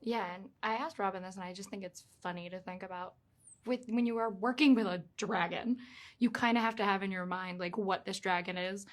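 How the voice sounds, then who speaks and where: A woman entertainment interviewer asking about a film in a casual press junket, relaxed with loose phrasing and fillers. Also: mid-range voice, brisk.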